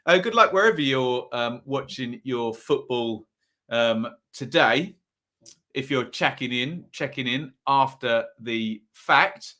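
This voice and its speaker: A man's voice: mid-range voice, animated, slow pace, bright, forceful tone. A man hosting a live football watchalong stream, chatting casually and rambling, with lots of ums and self-corrections. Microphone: phone or desk mic at a home setup.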